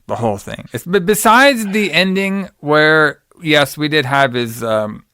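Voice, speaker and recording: A man's voice: fairly high pitch, expressive, measured pace, sharp tone, clear, resonant tone, dry recording, studio quality. A man hosting a podcast, recapping a horror movie in casual, rambling, slangy chat and acting out quotes in exaggerated voices. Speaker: podcast host.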